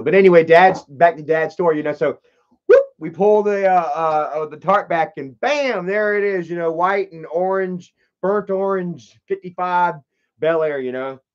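Young male streamer with a high voice, casual and rambling, swears freely; dull lo-fi audio. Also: smooth. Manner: rambling storyteller, swears freely, shouts when acting out a scene. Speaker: live stream host. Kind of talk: casual live stream chat, reading comments.

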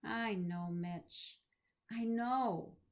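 A woman voicing a gentle dying old professor. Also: on the high side. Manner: soft, gentle, unhurried. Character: dying elderly male professor, calm and accepting.

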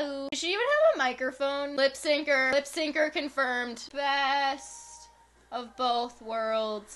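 A woman's voice: high voice, pushed and bright. A woman in her twenties giving chatty, sarcastic commentary while playing a video game, full of "like". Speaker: gaming YouTuber. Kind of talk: casual gameplay commentary.

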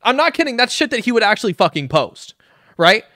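A man's voice: high voice, very animated, brisk, pushed and bright, dry recording, studio quality. A man live-streaming, reacting to a video with sarcastic, profane commentary, laughing often and reading chat aloud.

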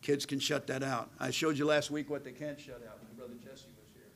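A middle-aged man preaching a sermon, calling for amens and moving between loud emphatic delivery and a hushed near-whisper. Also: medium pitch, steady tone, brisk, gravelly, rough recording. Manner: calls out "amen" to the congregation. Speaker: pastor.

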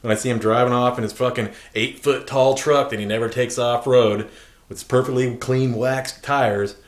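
A man's voice: mid-range voice, fairly even intonation, moderate pace, roomy sound. A man telling an aggrieved, profane story in an angry vlog rant.

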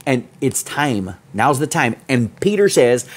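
A man preaching a sermon as pastor, fiery, swinging from loud peaks to low asides. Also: very animated, a little slow, few pauses, slightly rough.

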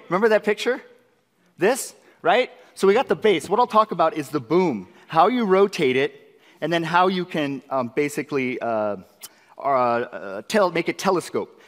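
A man presenting a live software demo class at a conference, excitable and eager, constantly tossing rhetorical questions at the audience. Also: on the high side, moderate pace. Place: large conference session room. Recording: long reverb of a conference hall.

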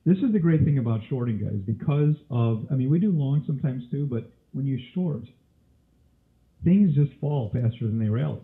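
A man's voice: mid-range voice, lively intonation, moderate pace. Man teaching trading over tinny audio. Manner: quizzes listeners with frequent questions. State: coughing, throat irritation. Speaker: trading instructor. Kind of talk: live webinar teaching.

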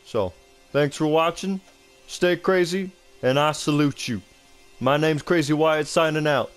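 Man, young adult, gaming commentator, giggly, bit high, faint game music. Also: measured pace. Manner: giggly, rambling and joking. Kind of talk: casual gameplay commentary.

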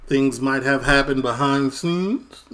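A man's voice: medium pitch, unhurried, noisy background. A man from Chicago giving casual reaction commentary with joking, laughing asides. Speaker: reaction video host.

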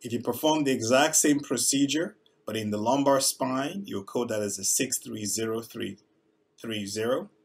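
A man, a surgeon, gives a measured instructional presentation with frequent filler sounds. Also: medium pitch, husky. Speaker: neurosurgeon teaching coding.

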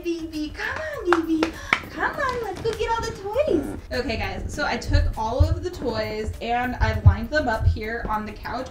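A woman's voice: sits high, slight background noise. A young woman chatting casually in a vlog, bubbly and gushing, often giggling. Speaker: vlogger.

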